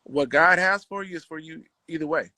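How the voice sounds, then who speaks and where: A man guest on a conversation show, telling a story in relaxed slang and acting out what others said. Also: fairly high pitch, a little fast, no echo, low-quality recording. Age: adult with children. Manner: slangy, relaxed street talk; acts out quoted dialogue. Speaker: podcast guest, bassist.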